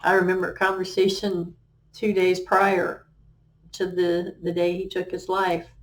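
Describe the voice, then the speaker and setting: A middle-aged woman, a life coach, sharing her personal story on a talk show in an earnest, halting way, with many fillers and restarts. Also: lowish voice, flat delivery. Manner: quotes remembered conversations.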